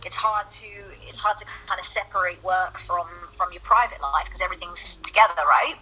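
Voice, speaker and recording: A woman's voice: fairly low pitch, a little fast, sharp tone, poor audio. A woman from the United Kingdom with a British accent, a podcast guest talking earnestly and chattily, with many restarts. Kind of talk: casual chat.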